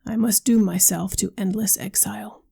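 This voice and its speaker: A woman reading the lines of a solemn, troubled young man in an old novel, speaking slowly and formally. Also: mid-range voice, fairly even intonation, vocal fry, warm tone, breathy edge, heavily acted. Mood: agitated. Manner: slow, grave, formal speech.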